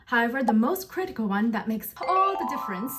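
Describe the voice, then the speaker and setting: A woman's voice: fairly high pitch, sing-song, a little fast, over music. A woman giving a casual video lesson on spoken English, friendly and demonstrative, laughing at herself now and then. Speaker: English teacher.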